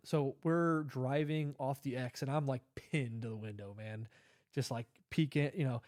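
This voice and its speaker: A man's voice: mid-range voice, unhurried, a little mellow, no echo, clean studio sound. A man telling a long personal story in a casual interview, rambling with fillers and acting out the dialogue. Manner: rambling, many fillers and restarts, acts out quoted dialogue. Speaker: podcast guest, Army veteran.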